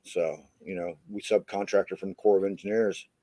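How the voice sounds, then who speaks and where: A middle-aged American man co-hosting a podcast tells road stories in a laid-back, casual chat, saying "man" a lot. His deep, dark voice has fairly even intonation and a slightly fast pace.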